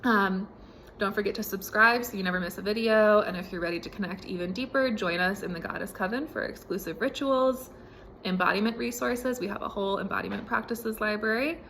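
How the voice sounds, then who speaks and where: A woman hosting a spiritual podcast, speaking in a relaxed and casual way with many fillers, recorded at home. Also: medium pitch, fairly quick, gravelly, a little hiss or hum. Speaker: podcast host.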